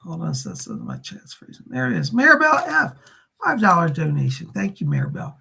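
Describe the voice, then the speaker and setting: Gravelly-voiced man giving psychic readings. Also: sits high, wildly swooping pitch, fairly quick, sharp tone, slight background noise. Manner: relays spirit messages, thanks donors by name. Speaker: psychic medium on a livestream. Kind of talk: live streamed psychic readings.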